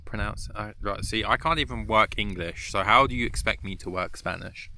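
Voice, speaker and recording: A man chatting casually as he vlogs from a high mountain trail outdoors, rambling and swearing freely. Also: noisy background. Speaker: hiking vlogger. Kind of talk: casual vlog chat.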